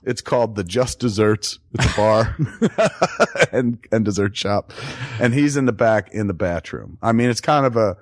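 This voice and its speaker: A man's voice: fairly low pitch, moderate pace, dry recording, clean studio sound. Profane, rambling man on a podcast. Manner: profane, rambling, riffing storyteller. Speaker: podcast host. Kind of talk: casual comedic podcast chat.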